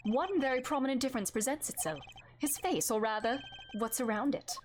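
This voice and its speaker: A woman reading the lines of a cool, formal male prosecutor in a measured, composed way, close to her own voice. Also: extremely high pitch, a little hiss or hum.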